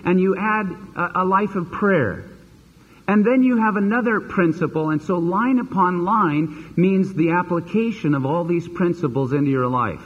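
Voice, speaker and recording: A man preaching a sermon as pastor, animated and acting out the voices he quotes. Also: high voice, normal speed, husky. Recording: dull lo-fi sermon recording with long reverb.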